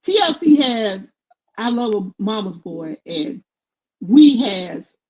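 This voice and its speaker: A middle-aged woman co-hosting casual commentary, blunt and opinionated in a steady, even tone. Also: medium pitch, takes it slowly, breathy edge, low-quality recording. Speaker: co-host.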